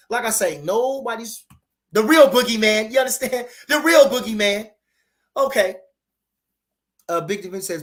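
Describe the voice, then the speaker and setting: A man hosting a boxing channel, chatting casually as he reads out viewer comments, with slangy, animated talk and repeated phrases. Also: sits high. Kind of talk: casual livestream chat reading viewer comments.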